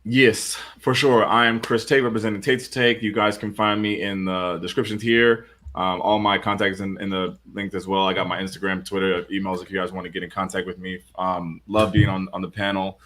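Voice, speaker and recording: A man co-hosting a casual live stream panel as a film reviewer, animated, swearing freely and joking about himself. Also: sits low, a little fast, few pauses. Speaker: co-host and reviewer.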